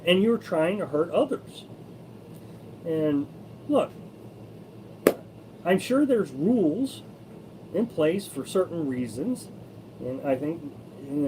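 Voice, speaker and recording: A man from Missouri with a notably high-pitched voice talks casually on a live stream, reading out and answering comments from viewers. He rambles, stops and restarts his sentences, and shares his opinions freely. A faint layer of background noise sits under his voice. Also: animated, a little slow, long pauses. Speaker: host of a live-streamed RV living channel.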